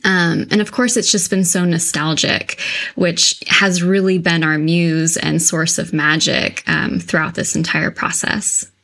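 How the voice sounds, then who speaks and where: A woman's voice: fairly low pitch, level tone, a little slow, vocal fry, fairly bright tone. A woman co-author in a casual interview, talking chattily with lots of 'like' and 'you know'. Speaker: co-author of a children's book series.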